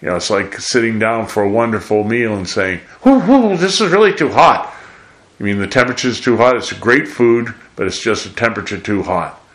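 Older man preaching in a low voice. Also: steady tone, fairly quick, hardly any pauses, fairly bright tone. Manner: conversational, rambling, acts out quoted voices. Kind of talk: sermon.

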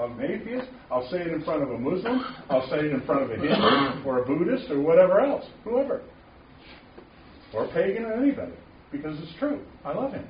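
A man giving a passionate, emphatic Christian talk to a small group of men, often rising to loud declarations. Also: a little high, lively intonation, fast talker. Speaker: Christian speaker at a men's gathering. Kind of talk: informal preaching talk. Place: room with a small audience. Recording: distant, roomy, muffled with faint noise.

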